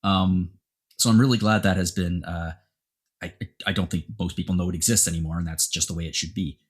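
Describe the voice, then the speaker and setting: Male podcast host, husky and low-pitched, rambling casual chat. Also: a little fast. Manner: rambling, animated opinions.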